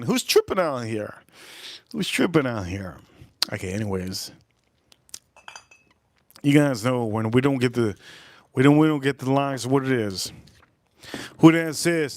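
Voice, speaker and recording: A young man hosting a livestream, chatting casually and rambling excitedly from one topic to the next. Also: medium pitch, moderate pace, dry recording, clean studio sound. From South Florida. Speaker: livestream host.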